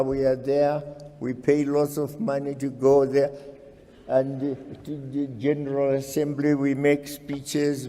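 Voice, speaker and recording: A man delivers a slow, rhetorical speech with a flat pitch. His voice rings with long reverb from a large hall. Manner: rhetorical, emphatic repetition.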